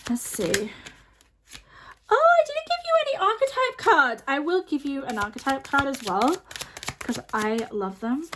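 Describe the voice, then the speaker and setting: A woman's voice: high voice, very animated, measured pace, noisy background. A woman giving a pick-a-card tarot reading to camera, speaking in a chatty, reassuring way with many fillers. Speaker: tarot reader.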